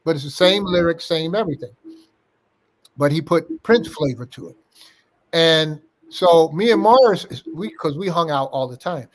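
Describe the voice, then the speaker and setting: An older man recalling old times in an interview, his voice sitting a bit higher than most men's. He is a lively storyteller who slips into the voices of the people he quotes. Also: normal speed. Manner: animated anecdote-teller, acting out quoted dialogue. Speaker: interview guest.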